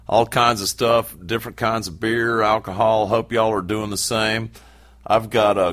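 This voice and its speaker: A low-voiced man with a drawl hosts a radio show in easy, joking banter. His pitch moves a lot, and he sounds relaxed as he chats with his co-hosts. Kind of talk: casual on-air banter.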